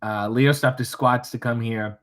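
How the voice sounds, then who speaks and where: A man's voice: medium pitch, steady tone, measured pace, fairly bright tone. A man hosting a casual livestream from a hotel room, reading chat comments aloud with wry, profane joking asides. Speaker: livestream host.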